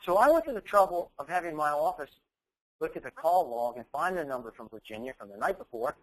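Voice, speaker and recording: A man speaking to an audience, telling a story and voicing every line of its dialogue with plenty of emphasis. His voice sits on the higher side for a man. He leans hard on key words when he drives a point home. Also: big pitch swings, fast, rough recording. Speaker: keynote speaker. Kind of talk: motivational speech.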